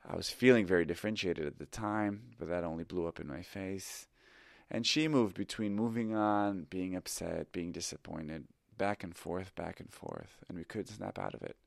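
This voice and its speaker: A middle-aged man tells a confessional story with a very low voice and a gravelly edge of fry. He speaks in a reflective, candid, self-critical way, like an improv teacher thinking out loud. The recording is close and dry. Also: normal speed, no echo.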